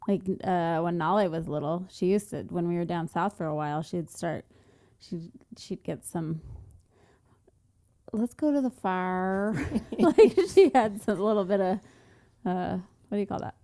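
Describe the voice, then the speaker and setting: A woman co-hosting a casual podcast chat, soft-spoken, often trailing off. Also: on the low side, moderate pace. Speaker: podcast co-host.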